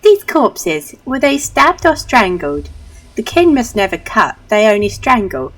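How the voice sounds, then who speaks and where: A woman's voice: mid-range voice, sing-song, unhurried, fairly bright tone, voice pushed up. A woman voicing a cheeky young child who is stubborn and accusing in a childish, insistent way.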